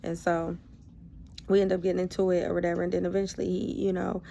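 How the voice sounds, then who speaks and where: A woman's voice: on the low side, fast, creaky, a little hiss or hum. A woman vlogger casually telling a personal story, loose and conversational, full of asides. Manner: animated, acts out both sides of a past argument.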